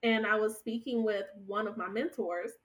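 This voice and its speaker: A woman in her thirties telling stories from her work as a podcast guest, animated and laughing often. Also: mid-range voice, normal speed, distant mic, dull audio. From United States. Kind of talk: conversational storytelling.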